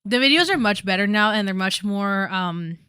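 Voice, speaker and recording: A woman's voice: medium pitch, lively intonation, normal speed, bright, forceful tone, clear, resonant tone, no room sound, studio quality. A young woman chatting casually on a commentary stream, rambling with many fillers and asides.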